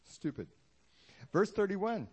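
A man's voice: high-pitched, sing-song, slow, a little mellow, slightly rough. A man preaching a sermon in a casual, joking way, acting out the Bible scenes he talks about for the congregation. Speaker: pastor.

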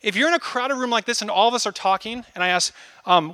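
A man in his thirties preaching a casual, animated sermon, acting out little asides as he goes. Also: high voice, fast. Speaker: pastor.

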